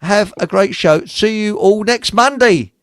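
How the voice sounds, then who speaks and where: A man's voice: high voice, measured pace, dry recording. A man hosting a casual livestream, rambling, joking, swearing and reading out viewer comments. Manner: jokey, rambling, swears, laughs often. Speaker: livestream host.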